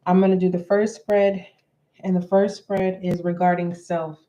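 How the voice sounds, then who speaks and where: A woman giving a tarot reading to her viewers in a deliberate way, often repeating herself and clearing her throat. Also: fairly low pitch, level tone, mellow, highs cut off. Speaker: tarot reader. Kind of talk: slow spoken tarot reading.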